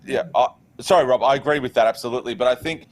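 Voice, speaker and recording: A man co-hosting a casual chat, excitable and joking, often stumbling over his words. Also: medium pitch, very fast. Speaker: co-host.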